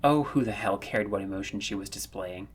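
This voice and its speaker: A man narrating a fan-written story, reading in a measured, earnest way that rises when the tension builds. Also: on the low side, slight background noise. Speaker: audiobook narrator.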